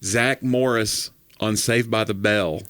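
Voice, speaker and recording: A man co-hosting a podcast in casual comedic chat, telling jokes with animated delivery and acting out the voices in the quotes. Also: on the low side, slow, no echo. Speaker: podcast co-host.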